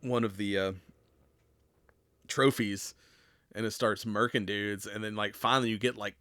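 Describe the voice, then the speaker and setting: A man with a fairly low voice chats loosely through a solo podcast recap, stringing thoughts together with "like" and "you know" and the odd casual swear. The sound is dry and close, with little room around it. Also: steady tone, moderate pace, bright, forceful tone, clear, resonant tone, no echo. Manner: rambling, filler-heavy, swears casually. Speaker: podcast host.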